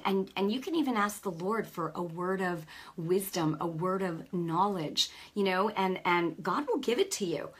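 A woman's voice: medium pitch, a bit bright, slightly rough. A woman giving an informal, fervent sermon, conversational and full of restarts and asides. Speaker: lay preacher.

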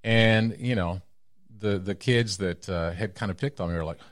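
Middle-aged Texan man, low voice, dry close mic, animated storyteller who acts out other people's lines. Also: moderate pace, no echo. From Texas. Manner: animated, acts out quoted voices with big pitch jumps. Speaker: guest storyteller. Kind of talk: casual storytelling interview.

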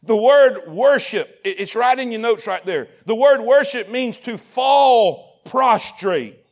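Very high-pitched, shouting preacher man. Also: slow. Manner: animated preaching with shouted, repeated lines and questions to the congregation. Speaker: pastor. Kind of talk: sermon. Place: church sanctuary.

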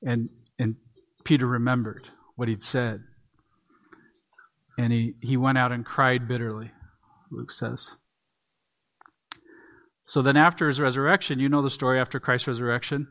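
A man's voice: mid-range voice, steady tone, moderate pace, long pauses, a bit bright. A man preaching an earnest expository sermon, leaning on emphatic repeats. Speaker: pastor.

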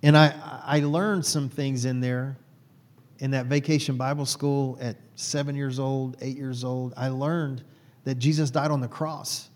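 A man's voice: mid-range voice, steady tone, a little slow, a little mellow, in a large hall. A man from Texas, a guest telling his personal faith story in an earnest, heartfelt way.

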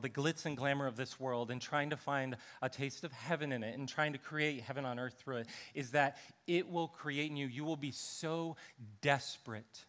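A man preaching a sermon as a pastor, talking conversationally and acting out the people in the story. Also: medium pitch. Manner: conversational, animated, acts out scripture characters.

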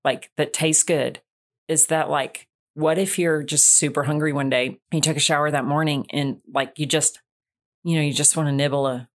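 A woman's voice: low-pitched, fairly even intonation, normal speed. A woman guesting on a podcast in casual chat, teasing the host playfully and laughing easily.

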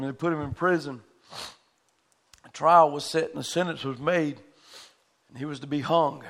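A man's voice: fairly high pitch, gravelly, fairly bright tone. A man preaching a sermon in a church, telling a story with fervent conviction.

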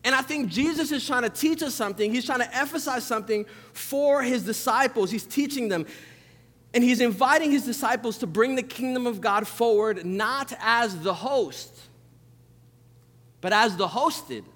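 A man's voice: very high voice, normal speed, a bit bright. A young adult man preaching a sermon as pastor, conversational and full of restarts and asides. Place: church sanctuary. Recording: long reverb of a church hall.

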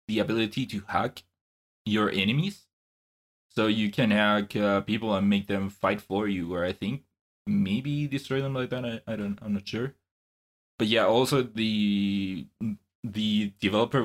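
A man with a slightly low voice gives his take as a podcast co-host. He speaks casually, pausing and correcting himself as he thinks. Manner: thoughtful, hesitant, self-correcting. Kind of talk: casual chat.

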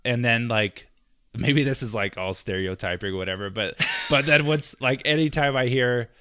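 A man in his thirties talking casually on a podcast, animated and laughing often, trailing off into mumbles at times. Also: medium pitch, moderate pace, clean tone, no echo, studio quality. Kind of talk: casual chat.

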